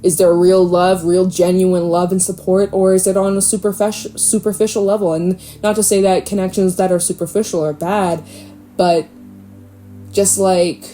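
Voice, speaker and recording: Tarot lady talking casual, swears a lot, warm mellow voice, bit of music in the back. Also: lowish voice, moderate pace. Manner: animated, swears casually, laughs often. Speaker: tarot reader. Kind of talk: casual spiritual reading.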